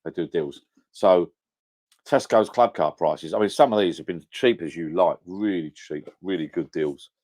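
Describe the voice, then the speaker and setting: Deep bloke, middle-aged, rambly live chat, keeps correcting himself. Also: male voice, normal speed, darkish tone. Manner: chatty, rambling, self-correcting. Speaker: live stream host. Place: at home by a whiskey shelf. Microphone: camera on a home setup.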